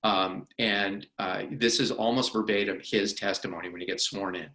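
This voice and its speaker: A man's voice: fairly low pitch, normal speed. A middle-aged man, an attorney, leading a workplace harassment training in a conversational way and acting out courtroom questioning. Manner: animated, acts out courtroom questioning. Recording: roomy echo of a meeting room.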